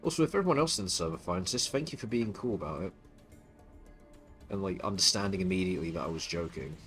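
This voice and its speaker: A man's voice: sits low, expressive, fast, fairly bright tone, soft background music. A man streaming live, ranting with open contempt and falling into frequent stuttering restarts.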